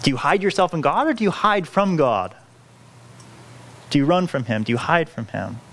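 Earnest male preacher with a lively voice. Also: a little high, moderate pace. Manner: earnest, pleading, self-correcting with frequent restarts. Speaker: pastor. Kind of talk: sermon.

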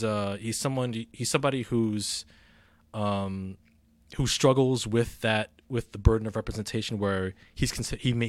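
A man's voice: fairly low pitch, no echo. A man casually reviewing a film on a podcast, rambling with many fillers and restarts. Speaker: movie reviewer.

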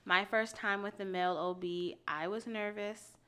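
A young woman co-hosting a casual chat, telling stories in a chatty, easily amused way with quick defensive pushback. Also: medium pitch, fairly even intonation, sharp tone, clean tone. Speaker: co-host.

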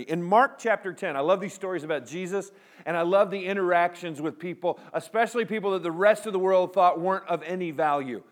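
A man preaching a sermon to a live congregation, leading call-and-response and dropping humorous asides. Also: high-pitched. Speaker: pastor.

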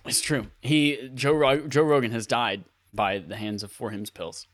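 A man co-hosting a comedy podcast, doing silly mock ad reads and breaking into high-pitched laughter. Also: steady tone, measured pace, no echo, studio quality. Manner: goofy, bursts into laughter and high squeals. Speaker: podcast co-host.

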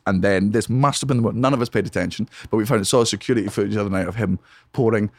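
A man, a comedian guest on a podcast, telling a story in a lively, profane, casual way. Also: on the low side, quick pace, creaky, dry recording. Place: home podcast studio.

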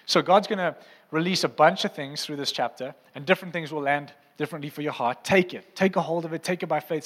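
A man delivers a sermon from a church stage, passionate and lightly teasing with his listeners. His voice sits a bit high for a man. The sound carries a long, echoing hall reverb. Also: fast. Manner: fervent, playful and teasing with the congregation. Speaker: preacher. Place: church auditorium.

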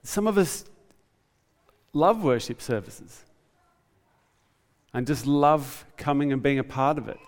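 A man preaching a conversational, animated sermon in a church. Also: a little high, takes it slowly, pauses often. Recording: reverberant church hall.

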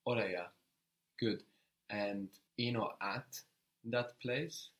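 A man's voice: fairly low pitch, a bit bright. A man teaching a language lesson, patient and encouraging, prompting a student step by step. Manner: patient, encouraging, slow and deliberate.

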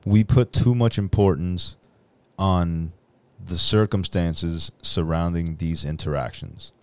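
Deep-voiced man musing in casual chat. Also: a little mellow, clean tone, no echo. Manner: musing, philosophical, drawn-out phrasing with fillers.

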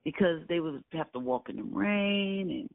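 An older man from Brooklyn, New York, tells his story in an oral history interview, his high, gravelly voice coming through a dry, tinny, phone-like line with no echo. He speaks at a moderate pace, an earnest, emphatic storyteller who repeats key phrases.

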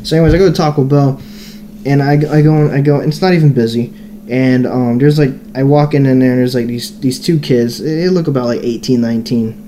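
A man's voice: medium pitch, steady tone, fairly quick, warm tone, a little hiss or hum. A young man co-hosting a podcast, telling a long story in a casual, profane, rambling way full of fillers. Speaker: podcast co-host.

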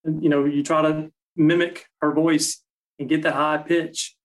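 A man, a guest call maker, explaining his technique step by step in a relaxed, practical way. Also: on the high side, a little slow, rough recording.

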